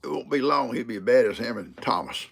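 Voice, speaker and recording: An older man with a drawl spins folksy stories for his livestream viewers. His voice is deeply gravelly and husky, and his pitch swings up and down as he acts out what people said. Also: lively intonation, fast talker. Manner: folksy storyteller, laughs often, acts out quotes. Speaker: livestream host. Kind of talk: casual livestream chat.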